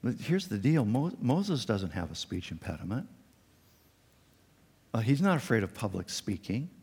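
A male pastor preaching a sermon, animated and acting out the quotes with a raised voice. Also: moderate pace, husky. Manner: animated, acts out quotes with raised pitch and volume. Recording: long reverb in a large hall.

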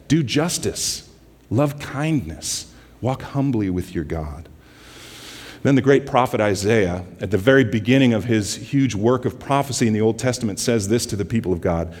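A man giving a guest sermon in a church, mixing casual stories with slow, softly quoted scripture. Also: on the low side, husky, long reverb tail. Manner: conversational, scripture quotes slowed and softened. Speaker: guest preacher from a justice ministry.

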